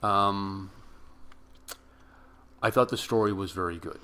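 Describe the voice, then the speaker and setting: A man's voice: low-pitched, fairly even intonation, slow pace, bright, forceful tone, clear, resonant tone. A man co-hosting a movie review podcast, chatting casually, hesitant with many ums and restarts, and joking. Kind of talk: casual chat.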